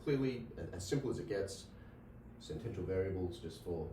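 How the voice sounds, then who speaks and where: A man with a low, animated voice gives a logic lecture at normal speed in a classroom with a board. He often restarts phrases, repeats himself, and checks in with "right?". The recording is echoey and distant, with a noisy background.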